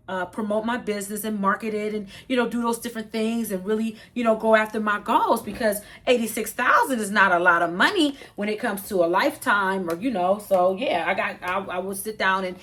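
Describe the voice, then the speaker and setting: A woman's voice: mid-range voice, a bit bright. A woman in her fifties chatting casually to her viewers while doing chores, earnest and rambling, repeating herself for emphasis. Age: 50s. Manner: folksy, informal talk. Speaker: vlogger.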